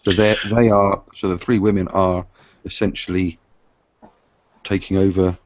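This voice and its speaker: A man's voice: low voice, flat delivery, a little slow, a little mellow, no room sound. A man chatting casually in a group discussion, rambling on at length. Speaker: panelist. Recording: dull lo-fi dry recording.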